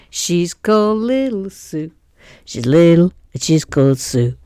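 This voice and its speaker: An English woman with a fairly low, clear, resonant voice speaks at a measured pace in a warm, sing-song tone, recorded clean in a studio with no room sound. As co-host, she chats playfully while building a model, putting on silly sing-song voices.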